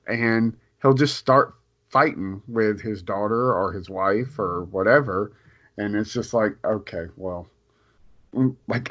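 A young man talking casually on a home podcast, halting and hesitant and restarting his sentences. His voice sits somewhat low. The sound is a bit dull, as from a basic home mic. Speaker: podcast co-host. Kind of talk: casual chat.

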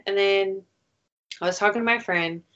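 A woman's voice: mid-range voice, normal speed, a bit bright. A young woman in casual chat, telling a story in a rambling way, full of "like" and swearing. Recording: dull lo-fi recording.

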